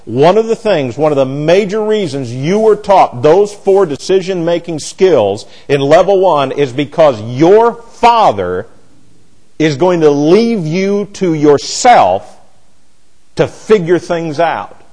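A man's voice: fairly high pitch, very animated, takes it slowly, mellow, low-quality recording. Blunt, emphatic male Bible teacher. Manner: blunt and emphatic, with frequent restarts. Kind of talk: Bible class lecture.

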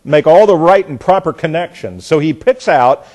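A middle-aged man teaching a Bible passage verse by verse, deliberate and emphatic, often repeating words as he works through a thought. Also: a little high, animated, darkish tone.

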